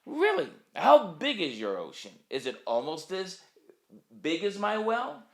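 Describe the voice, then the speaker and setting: A man's voice: sits high, very animated, moderate pace, a bit bright, pitched above the performer's own voice. A man doing an amazed little well frog. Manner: amazed, rising questions. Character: excited curious frog from a well.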